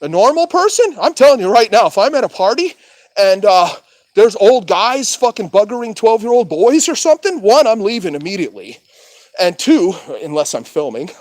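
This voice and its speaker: A man's voice: high-pitched, no echo. A man vlogging in a casual rant, crude and full of swearing, with laughs between remarks. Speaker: street vlogger.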